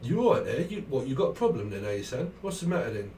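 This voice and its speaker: Bloke doing a gruff london geezer picking a fight, higher pitched and loud, roomy far-off mic. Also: male voice, big pitch swings, normal speed, slight background noise. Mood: menacing. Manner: confrontational, clipped slang.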